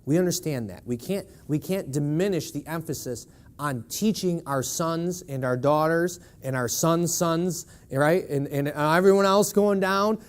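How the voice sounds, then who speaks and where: A man's voice: a little high, measured pace. A man preaching a sermon in a church, emphatic and leaning on rhetorical questions to the congregation.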